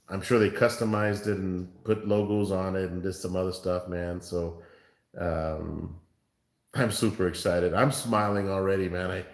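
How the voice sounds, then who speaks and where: A man's voice: on the low side, reverberant. A man from Far West Texas, chatting casually with viewers on his barbecue livestream and calling them man and bro. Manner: laid-back, calls viewers man and bro. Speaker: barbecue show host.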